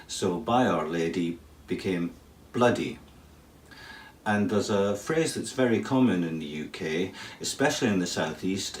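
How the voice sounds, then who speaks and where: A man's voice: sits low, recorded from a distance. A man explaining mild swearing in a chatty, wry video lesson, with humorous asides. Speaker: English teacher. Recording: roomy, off-mic sound.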